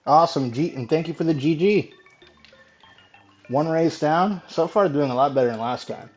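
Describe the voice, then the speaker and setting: Chatty male streamer, dull lo-fi mic. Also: on the high side. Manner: chatty, casual swearing, quick laughs. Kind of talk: casual live gameplay chat. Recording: dull lo-fi mic with faint music.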